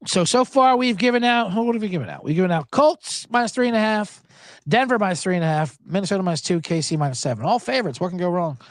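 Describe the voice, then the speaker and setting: A male podcast host riffs on his picks in an animated, sarcastic way and swears freely. His pitch swings widely, and the dry recording has no room sound. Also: fast talker, dry recording. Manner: animated, sarcastic, profane, laughs often. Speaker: sports betting podcast host. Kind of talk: casual solo podcast talk.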